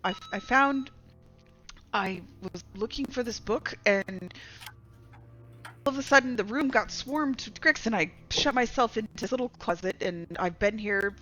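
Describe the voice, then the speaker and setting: Stammering, frightened small halfling man, pitched up, played by a woman. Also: measured pace, sharp tone, muffled recording. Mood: nervous. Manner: stammering, panicky. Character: frightened male halfling adventurer.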